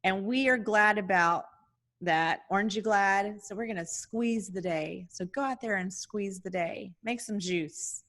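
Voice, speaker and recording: A woman's voice: mid-range voice, unhurried, fairly bright tone. A middle-aged woman co-hosting a podcast in casual chat, laughing often and making puns. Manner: giggly, punny, chatty. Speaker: podcast co-host.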